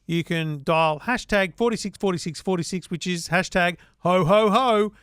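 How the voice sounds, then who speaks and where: A man's voice: high-pitched, moderate pace, a bit bright, smooth, dry recording, studio quality. An Australian man co-hosting a tech podcast, talking casually and reading an ad in a chatty, list-running way. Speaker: podcast co-host. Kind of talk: casual tech chat and read ad.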